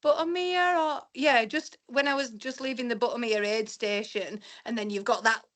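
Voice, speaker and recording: A chatty woman, talking casually on a podcast. Her voice sits fairly high for a woman. She tends to ramble and restart her sentences as she goes. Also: moderate pace, a bit bright. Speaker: podcast co-host and race runner.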